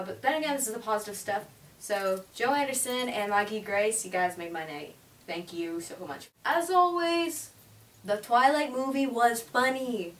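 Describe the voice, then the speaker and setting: A woman's voice: medium pitch, a bit bright. A teenage girl reviewing a movie in a chatty, gushing way, with lots of "like". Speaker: vlogger. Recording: roomy, distant mic, faint hiss.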